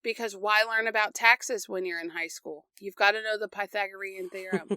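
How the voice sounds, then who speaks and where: A young woman co-hosting a casual history podcast, reading from her notes and breaking off for quick joking asides. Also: medium pitch, steady tone, sharp tone, no room sound. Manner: reads notes aloud with quick asides and laughs. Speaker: podcast co-host.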